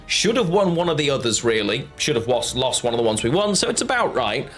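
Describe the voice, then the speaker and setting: A man's voice: medium pitch, sing-song, fairly quick, a bit bright, faint music behind. A man chatting casually on a live stream while playing a card game, rambling and answering his chat.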